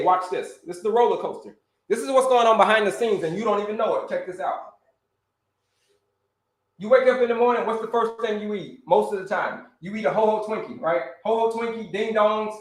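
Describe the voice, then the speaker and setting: A man who grew up in Florida, hosting a casual live stream as a health coach, talking energetically, repeating himself and calling out to viewers. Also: high voice. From Orlando, Florida. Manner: energetic, repetitive, calls out to viewers. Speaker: health coach and livestream host. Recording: echoey room.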